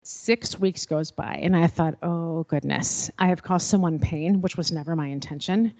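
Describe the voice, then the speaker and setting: A middle-aged woman telling a personal story at a panel, expressive and acting out remembered dialogue. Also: fairly low pitch, moderate pace, no echo. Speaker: panel speaker.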